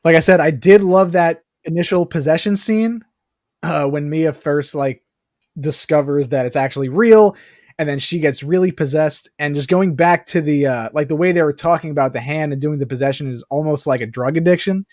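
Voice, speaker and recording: A man's voice: a little high, no echo. Man talking movies in a dry close-mic sound. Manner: animated, quick bursts with many fillers. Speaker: podcast co-host. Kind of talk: casual movie review chat.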